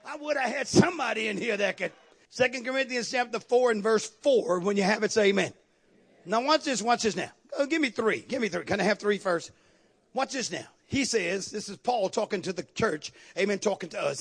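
A man's voice: sits high, animated, fairly quick, breathy edge. A man preaching a sermon as pastor, calling out to his congregation and repeating phrases for emphasis.

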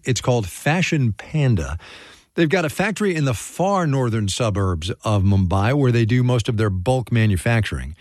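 Lively male public radio host. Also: medium pitch, no echo. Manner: lively, joking, quick asides. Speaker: radio business news host. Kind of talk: public radio reporting and interviewing.

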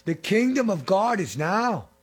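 A middle-aged man preaching a fervent sermon, repeating phrases and swinging between loud and hushed. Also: sits high, sing-song, unhurried, slightly rough. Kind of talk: impassioned sermon.

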